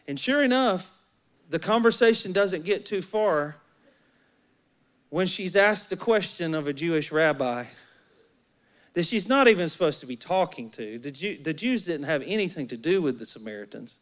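A man's voice: on the high side, expressive, moderate pace, a bit bright. A male pastor preaching a casual, storytelling sermon and joking with the congregation. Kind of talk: conversational sermon.

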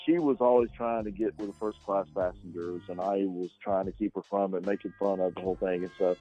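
A man with a lowish, mellow voice talks through an interview as an actor guest, pausing often with ums and restarts. The sound is dull and lo-fi. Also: fairly even intonation, faint music behind. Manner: hesitant, many ums and restarts. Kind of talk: casual interview talk. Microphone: radio show microphone.

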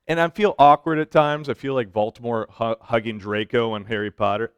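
Guy preaching a sermon, smooth clear voice, dry close sound, goes loud then soft, cracks jokes. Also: mid-range voice, fairly even intonation, moderate pace, hardly any pauses, dry recording. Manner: swings between loud emphatic lines and soft hushed ones, with joking asides. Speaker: pastor speaking to students.

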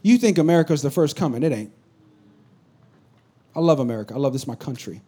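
A pastor preaching a sermon, swinging from loud urgent bursts to low confiding asides. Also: male voice, animated, fast talker, slight background noise.

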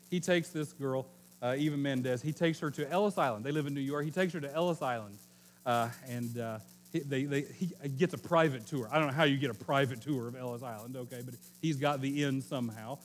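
Joking and correcting himself as he goes, this middle-aged Oklahoma pastor delivers his sermon in a loose, conversational storytelling style. He speaks at a medium pitch.

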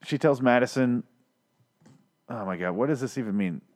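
A man's voice: medium pitch, moderate pace, a little mellow. A man casually recapping a TV episode, rambling and swearing, with self-deprecating asides and frequent restarts. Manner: profane, ranting, rambling with restarts. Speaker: show recap podcaster.

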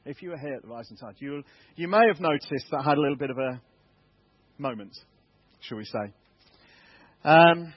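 A man's voice: fairly high pitch, husky, lo-fi sound. An English man, a church elder, giving a candid, self-deprecating testimony sermon in a church. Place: church hall.

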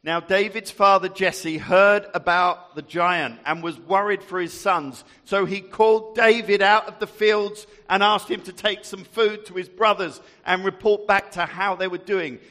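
A jovial man with a high, bright voice tells a story to a group and jokes with volunteers. He speaks at an unhurried pace, and his voice rings through a large, echoey hall. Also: steady tone. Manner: jovial, chatty, laughs often. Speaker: storyteller leading a group activity. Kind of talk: interactive Bible storytelling to a group.

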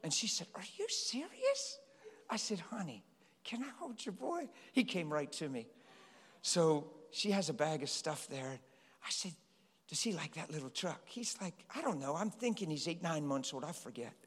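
Speaking at a moderate pace, this middle-aged man has a slightly rough voice on the high side. He is a pastor delivering an animated sermon in a church hall, pleading with the congregation and weaving in stories. The recording carries a long hall reverb.

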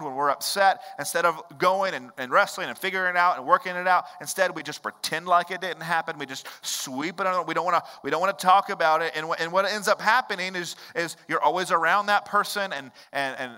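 A man preaches in a church sanctuary, his bright, forceful voice carrying a long hall reverb. He talks earnestly and conversationally and leans on personal stories. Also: fairly high pitch, clean tone. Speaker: pastor. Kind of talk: sermon.

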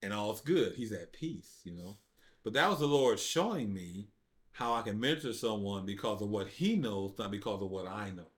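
Animated man telling a testimony. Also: moderate pace. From United States. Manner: animated storyteller, acts out quotes with big jumps in pitch; informal speech with dropped verbs. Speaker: podcast guest sharing testimony. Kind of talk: casual storytelling conversation.

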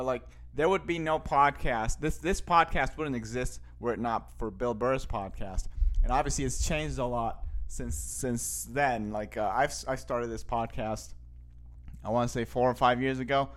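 A man's voice: mid-range voice, fairly bright tone. A man hosts a casual podcast, talking straight into his microphone in a mid-range voice. He rambles and restarts his sentences often, stacking up fillers along the way. He laughs easily between thoughts. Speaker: podcast host.

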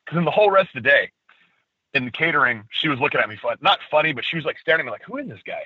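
A man telling lively stories on a podcast, acting out what others said. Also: a little high, very fast, slightly rough, no room sound. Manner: animated storyteller, acts out quotes. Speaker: podcast guest. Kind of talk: casual storytelling. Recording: tinny phone-line sound.

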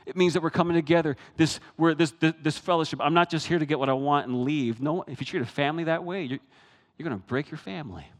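A man preaching a sermon, animated, swinging from hushed asides to loud, high bursts. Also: fast, hardly any pauses, in a large hall. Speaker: pastor.

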